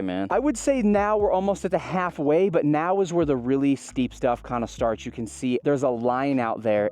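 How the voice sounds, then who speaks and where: A young man vlogging outdoors while riding an e-bike up a mountain road, talking to a helmet camera in an excitable, exclamatory, chatty way. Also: medium pitch.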